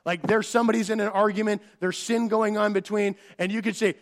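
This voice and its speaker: A man's voice: high voice, steady tone, fairly quick, few pauses. A middle-aged man preaching a sermon, earnest and conversational, often restarting phrases and acting out quoted dialogue. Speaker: pastor.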